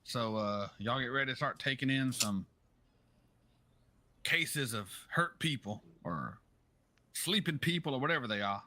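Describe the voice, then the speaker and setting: A man's voice: medium pitch, animated, unhurried, long pauses, pushed and bright. A man playing in a tabletop game, talking in a laid-back, drawling way. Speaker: player. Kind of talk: casual tabletop game chat.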